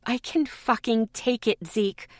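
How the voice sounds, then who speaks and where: A woman voicing a tough, protective young woman who shouts and swears in an audiobook. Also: a little high, a little slow, no echo, clean studio sound, natural voice. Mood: furious shouting.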